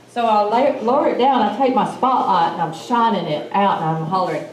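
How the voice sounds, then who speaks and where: A woman speaks to a live audience, telling her story with lively acted-out quotes. Her voice rings through an echoey hall and sounds set back from the mic. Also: mid-range voice, a little fast, hardly any pauses, distant mic. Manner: animated storyteller, acts out quoted lines. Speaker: symposium speaker. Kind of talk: telling a personal encounter story.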